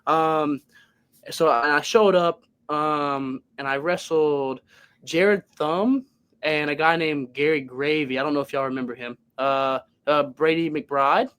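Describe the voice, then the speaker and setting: A man with a Louisiana accent, a blend of north Louisiana twang and Cajun, talking from home on a podcast. He rambles through his stories with plenty of fillers and gets animated as he goes. His voice sits a little higher than most men's. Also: unhurried, smooth. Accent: Louisiana, mix of north Louisiana and Cajun. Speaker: guest, pro wrestler. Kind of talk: casual podcast interview.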